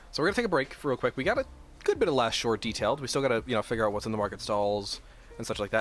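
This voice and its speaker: A man's voice: medium pitch, fairly bright tone. A man chatting casually on a live stream from his room at home, planning a tabletop setting aloud and swearing freely.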